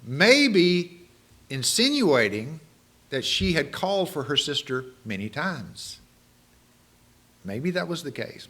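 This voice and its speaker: A male preacher giving a sermon, animated and full of rhetorical questions to the congregation. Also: on the high side, a little slow.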